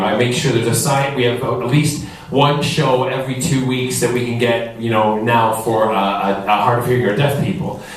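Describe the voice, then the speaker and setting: A man guest on a convention panel, telling lively, jokey stories and sounding a little out of breath. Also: mid-range voice. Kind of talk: animated storytelling on a convention panel. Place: large convention hall. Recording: echoey hall recorded from far off with faint noise.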